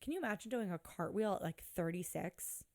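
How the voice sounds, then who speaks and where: A woman's voice: lowish voice, animated, fairly quick, darkish tone. A woman co-hosting a podcast in casual, snarky chat, swearing freely. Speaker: podcast co-host.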